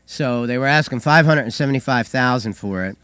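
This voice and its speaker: A hoarse man co-hosting a call-in show, telling stories with hesitant fillers and dry humor. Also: mid-range voice, brisk, fairly bright tone, dry recording. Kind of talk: casual radio chat.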